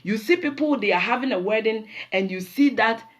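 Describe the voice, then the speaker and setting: A woman with a Nigerian accent hosting a show, telling animated stories in a casual monologue and slipping into pidgin. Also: fairly high pitch, a little fast. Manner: animated storyteller mixing in pidgin. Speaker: show host.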